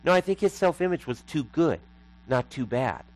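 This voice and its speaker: A man's voice: on the high side, big pitch swings, normal speed, a little mellow, poor audio. A man preaching a sermon as pastor, emphatic and repeating lines for effect.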